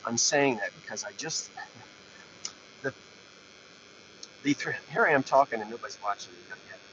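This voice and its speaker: An antiques seller hosts a rambling live-stream from his parked truck, joking and interrupting himself as he talks to viewers through a mounted camera. His mid-range voice keeps a moderate pace. The audio is dull and lo-fi with a faint hum.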